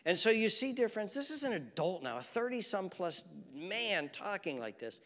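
A middle-aged man preaching a sermon with dramatic swings from loud to a hushed near-whisper, repeating phrases for emphasis, recorded in a church hall with a long reverb. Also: high-pitched, very animated, normal speed, hardly any pauses. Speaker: pastor.

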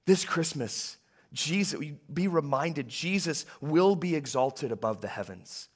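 Male pastor preaching, a touch higher-pitched, conversational, with dips to a hush and rises to emphasis. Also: normal speed. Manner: conversational preaching, swinging between hushed and emphatic. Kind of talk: sermon. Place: church.

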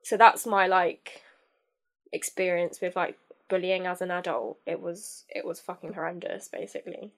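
A young woman telling a personal story as a podcast guest, candid and halting, with many fillers and restarts. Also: lowish voice, steady tone.

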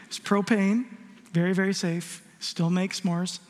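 High-voiced pastor preaching in a reverberant hall. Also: male voice, a little slow. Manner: animated storyteller, jokes and rhetorical questions. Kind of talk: sermon.

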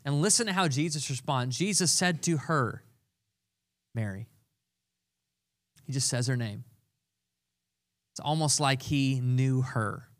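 A man's voice: medium pitch, normal speed. A young adult man preaching a sermon, earnest and conversational, repeating key phrases for emphasis. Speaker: pastor.

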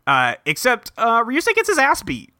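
Podcast host, male, bright and dry, animated recapper. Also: extremely high pitch, no room sound. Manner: animated storyteller who drops into quick voices for characters. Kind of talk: casual chat.

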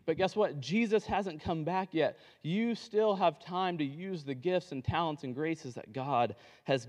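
A man's voice: on the high side, darkish tone. Casual preacher man, echoing hall. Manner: casual, conversational preaching with fillers; acts out the parable's characters in quick dialogue. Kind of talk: sermon.

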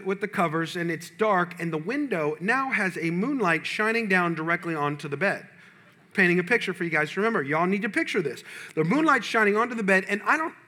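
A male pastor preaching a sermon, telling a personal story with animated, humorous delivery to his congregation. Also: high voice.

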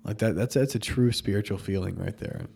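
A man co-hosting a podcast, talking haltingly with many fillers about feeling a spiritual nudge. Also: on the low side, creaky, warm tone, slightly rough. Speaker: podcast co-host. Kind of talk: casual faith chat.

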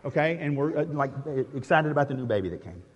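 A male pastor leads his congregation through a Christmas nativity, chatty, joking and quick to laugh as he assigns parts. His voice sits a little on the high side for a man. The sound carries a long reverb from a big church hall. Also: animated, slightly rough, dull audio. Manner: playful and chatty, laughing often, with many restarts. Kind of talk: interactive Christmas sermon, directing a live nativity skit. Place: church sanctuary.

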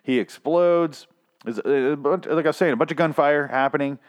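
A man's voice: on the high side, moderate pace, clean tone. A man hosting a podcast who rants through a TV review in a casual, profane, sarcastic and exasperated way.

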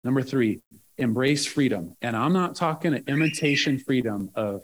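A man's voice: medium pitch, lively intonation, normal speed, a little hiss or hum. A man pastor preaching a sermon in a conversational way, often checking in with the room.

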